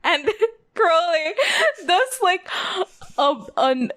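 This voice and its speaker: A woman's voice: very high voice, very animated, extremely slow, fairly bright tone. A woman co-hosting a podcast, chatting casually about a TV episode, giggling and rambling as she quotes characters. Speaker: podcast co-host. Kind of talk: casual chat recapping a TV episode.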